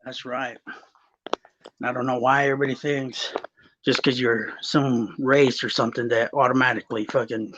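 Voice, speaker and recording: A man's voice: mid-range voice, level tone, moderate pace, fairly bright tone, a little hiss or hum. A man from Texas in casual podcast chat, telling stories with lots of swearing and restarts. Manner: rambling, swearing, storytelling. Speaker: guest. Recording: slightly muffled recording.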